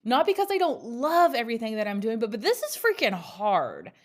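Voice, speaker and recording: A woman's voice: a little high, wildly swooping pitch, fairly quick. A woman in her thirties hosting a solo podcast, telling a personal story in a frank, chatty way with lots of "like" fillers. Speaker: podcast host. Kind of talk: candid solo podcast monologue.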